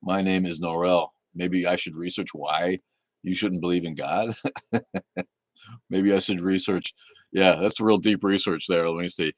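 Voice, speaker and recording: A man's voice: low-pitched, fairly even intonation, measured pace, dry recording. A man hosting a casual livestream, reading chat aloud in a laid-back, easygoing way, cursing casually and laughing often.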